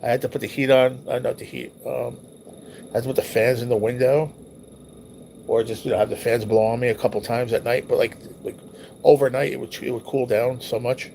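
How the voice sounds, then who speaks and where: A man's voice: medium pitch, level tone, fairly quick, creaky, warm tone, a little hiss or hum. A man hosting a livestream, reminiscing casually over old photos in a loose, rambling, profane way. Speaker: livestream host.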